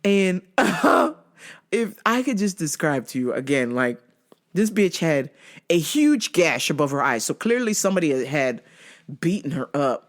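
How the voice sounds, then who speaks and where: A woman host rattling off wild work stories, swearing freely and breaking into laughter. Her voice swoops up and down lively, but she takes her time. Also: low-pitched, unhurried. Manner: profane, laughing, animated. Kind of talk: casual comedic storytelling.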